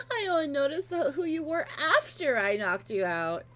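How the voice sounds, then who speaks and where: A woman voicing an excitable, obsessive male monster superfan with an axe in a video game, gushing and stammering. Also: sits high, slow, heavily acted.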